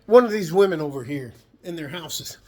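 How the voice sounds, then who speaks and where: A man's voice: a little high, expressive, normal speed, a little mellow. Rambling, profane man in his garage. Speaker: vlogger. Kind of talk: casual vlog monologue. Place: home garage.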